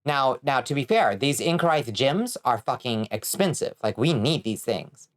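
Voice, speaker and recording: Excitable swearing woman streamer. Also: extremely low pitch, normal speed. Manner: swearing, excitable, reads chat aloud. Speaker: vtuber streamer. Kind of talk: casual gaming stream chat.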